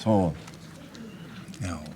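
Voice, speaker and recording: A man telling humorous old-country folk stories in an unhurried way. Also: deep voice, over music. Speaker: storyteller. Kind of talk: folk storytelling.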